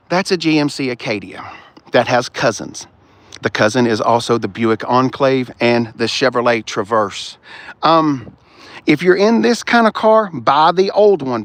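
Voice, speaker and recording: A middle-aged man with a drawl, cursing freely as he gives blunt, opinionated takes. His voice sits a little high and swings widely up and down. The sound is dry and close. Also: dry recording. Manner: profane, opinionated ranting. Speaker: car reviewer host. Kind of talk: casual walk-around car review.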